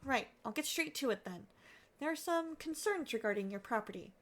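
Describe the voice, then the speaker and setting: Life-sim game character: an earnest, courteous young man, read by a woman with a high voice. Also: animated, brisk, fairly bright tone. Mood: earnest, pleading. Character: polite, anxious young man. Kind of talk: reading game dialogue aloud.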